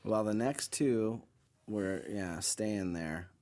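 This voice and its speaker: A man's voice: lowish voice, takes it slowly, a little mellow. A man in casual podcast chat, musing thoughtfully and murmuring agreement.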